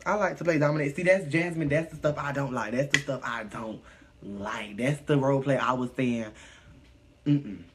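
Background noise fills this live stream, where a man with a medium-pitched voice chats casually at a brisk pace. He reads viewers' comments aloud and responds with sass, profanity and plenty of energy.

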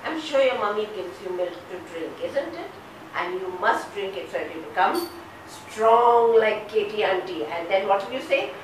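A middle-aged woman, teaching phonics to small children in a slow, sing-song way and having them repeat words after her. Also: mid-range voice, animated. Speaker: kindergarten teacher. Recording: echoey, distant mic with background noise.

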